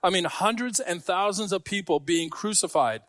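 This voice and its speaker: A pastor from Scarborough preaches to his congregation in a conversational style with joking asides. His high-pitched, fairly bright voice moves at normal speed, captured in a dry, studio-quality recording.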